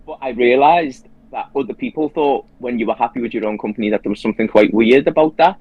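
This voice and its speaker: A man's voice: medium pitch, quick pace, slightly rough, dry recording, narrow, tinny audio. A man hosting a casual conversation who tells his story earnestly and with animation, restarting his sentences often. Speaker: host.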